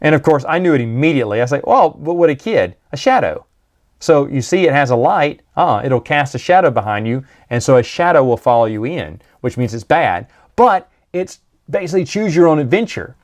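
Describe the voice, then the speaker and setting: A man's voice: medium pitch, lively intonation, a little fast. Rambling man chatting casually. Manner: rambling, chatty, with many restarts and asides. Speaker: book reviewer. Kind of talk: casual monologue.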